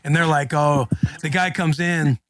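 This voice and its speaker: A man's voice: on the high side, unhurried, noisy background. A man in his thirties co-hosting a podcast, telling a story in casual, slangy chat and acting out quotes. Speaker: podcast co-host, former NFL linebacker.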